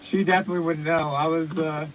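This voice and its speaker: Speaking fast in a fairly high pitch, this man co-hosts a podcast and tells animated, rambling stories full of profanity for casual comedy. The low-quality recording carries some hiss or hum.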